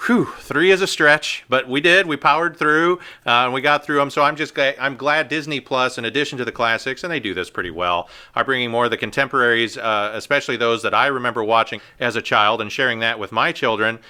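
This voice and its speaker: Male co-host, very bright, crisp voice, upbeat and a little wry. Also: mid-range voice, fast talker, hardly any pauses. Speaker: podcast co-host. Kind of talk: casual chat.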